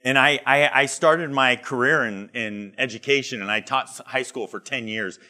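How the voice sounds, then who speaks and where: Bright-voiced man giving a keynote. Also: medium pitch, normal speed. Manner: humorous storytelling, acts out dialogue. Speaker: conference speaker. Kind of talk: motivational keynote speech. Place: live conference retreat.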